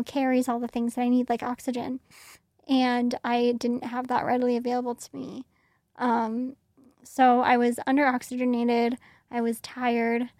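A woman's voice: fairly high pitch, darkish tone, dry recording, studio quality. A young woman telling a personal story in a casual, conversational way, full of "like" fillers. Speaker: interview guest.

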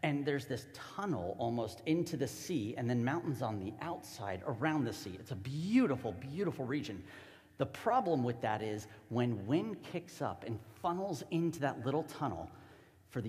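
Lively, animated male preacher. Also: medium pitch, big-room sound. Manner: animated, casual storytelling. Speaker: pastor. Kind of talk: sermon.

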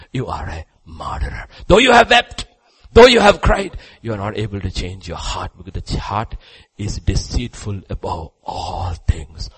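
A man preaching a sermon who swings between hushed, low passages and loud, high exclamations. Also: husky, rough recording.

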